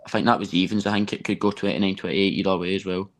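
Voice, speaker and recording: A man chatting quickly and agreeably about picks on a casual betting call-in show. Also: low voice, steady tone.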